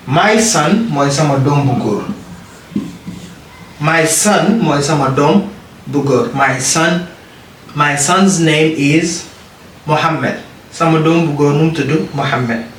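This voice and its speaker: A man teaching beginner English, who repeats each word slowly and keeps asking "ok?". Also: on the high side, slight background noise. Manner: repeats words slowly, asks "ok?" often. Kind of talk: beginner language lesson. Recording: roomy, mic at a distance.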